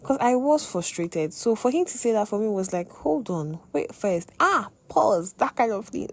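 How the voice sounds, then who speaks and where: A young woman hosting a podcast, telling a personal faith testimony in an expressive way, with sudden exclamations. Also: mid-range voice, normal speed, gravelly, few pauses. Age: young adult. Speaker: podcast host.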